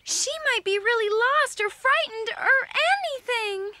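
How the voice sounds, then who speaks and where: A woman voicing a gentle, anxious young female creature in a cartoon, soft-spoken and worried. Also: very high voice, expressive, a little slow, full character voice. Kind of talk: animated cartoon voice acting.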